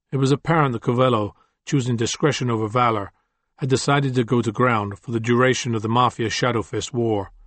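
A man reads fiction aloud in a measured, steady narration at a mid pitch. The recording is dry and close, with no room sound. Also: no room sound. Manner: measured, descriptive reading. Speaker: audiobook narrator. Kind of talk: scripted narration.

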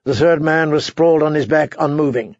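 A man narrating an audiobook in a measured, dramatic way. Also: a little high, no echo, dull audio. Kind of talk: scripted narration.

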